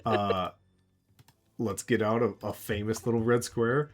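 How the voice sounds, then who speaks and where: A man's voice: fairly low pitch, steady tone, takes it slowly. A man narrating as game master of a tabletop game, loose and full of fillers, chuckling often.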